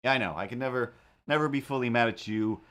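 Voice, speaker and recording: A man hosting a casual livestream, rambling and talking to his streaming software and his animated cat helper. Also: medium pitch, quick pace. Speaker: livestream host and cartoonist.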